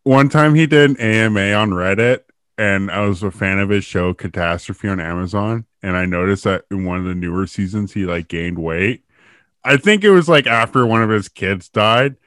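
A man co-hosting a podcast, chatting casually with a sheepish, confessional way of telling stories. His voice sits on the low side. It sounds dry and close, with no room around it. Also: fairly bright tone, dry recording. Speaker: podcast co-host.

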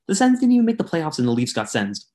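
A man co-hosting a casual podcast, joking and teasing, sometimes dropping into a hushed mock-sensual voice. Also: on the high side, huge pitch swings, fast. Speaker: podcast co-host.

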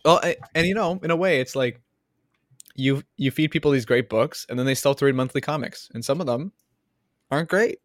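A Canadian man co-hosting a comics podcast, chatting in a rambling, self-deprecating way with plenty of fillers. His pitch is mid-range, and he sounds dry and close to the mic. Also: a little fast, no room sound. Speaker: podcast co-host. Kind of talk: casual comedic podcast chat.

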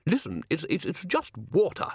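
A man voicing a hearty, blustering old wizard who leads a university, loud and jovial. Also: fairly high pitch, wildly swooping pitch, unhurried, no room sound, clean studio sound, pitched above the performer's own voice, exaggerated voice. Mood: hearty, bullish. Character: hearty booming old wizard headmaster, cheerfully bullish.

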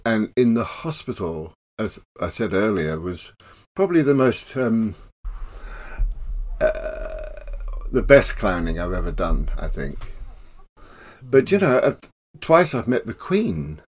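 An older man telling stories at an unhurried pace, his voice rising and falling in animated swings. He laughs often and breaks into quick impressions as he talks. The delivery is casual and full of play. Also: lowish voice. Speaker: professional clown, guest. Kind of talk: casual storytelling interview.

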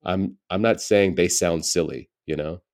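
An American man in his forties, a stand-up comedian, tells candid stories in a casual interview where he's the guest, often dropping in "you know" as he reflects. He takes his time, with a low voice and a darkish tone.

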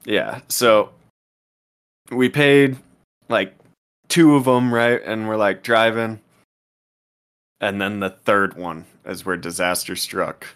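Low-voiced young man telling a story. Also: takes it slowly, pauses often, smooth. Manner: animated, swearing, fillers like "dude" and "bro". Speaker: podcast co-host. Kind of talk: casual storytelling chat. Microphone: podcast microphone.

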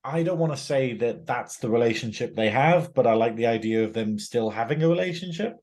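Northern english guy, lively up and down voice, chatting fast and laughing a lot. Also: mid-range voice. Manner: animated, chatty, quick laughs and restarts. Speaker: podcast co-host. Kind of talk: casual chat review.

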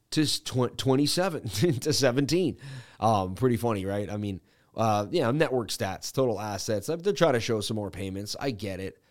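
A man hosts a crypto trading livestream in a casual, unscripted way. His voice sits at an ordinary middle pitch, and he talks haltingly, full of fillers and restarts. He reads news items aloud and breaks in with his own asides.

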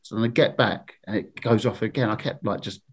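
A man's voice: lowish voice, fairly quick, breathy edge. A man, a podcast guest who tells long, rambling stories in casual chat and laughs as he talks. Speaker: podcast guest, former football show presenter.

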